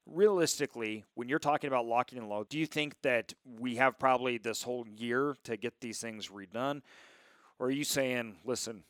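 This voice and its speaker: A man's voice: medium pitch, moderate pace, fairly bright tone, dry recording, clean studio sound. A male interview host asking conversational, probing questions.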